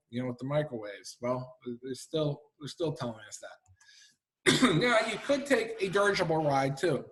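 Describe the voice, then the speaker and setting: A middle-aged man, an author and historian, giving a lively library lecture to an audience, chatty and full of rhetorical questions. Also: a little high. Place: library talk room.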